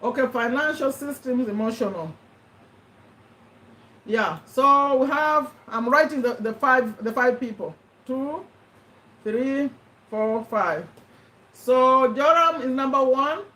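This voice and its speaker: A high-pitched woman hosts a casual live-stream quiz, reading out viewers' names and ruling on their answers. Her voice sits away from the mic. It carries a roomy echo. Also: slow, long pauses, sharp tone, recorded from a distance. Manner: chatty, reads out viewer names and answers, checks and rules on them. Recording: echoey room, voice away from the mic.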